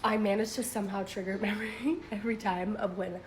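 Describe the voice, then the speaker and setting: A woman's voice: mid-range voice, fairly even intonation, brisk, a little hiss or hum, poor audio. A young woman telling a personal scary story in a casual, chatty way, full of "like" fillers, nervous laughs and swearing.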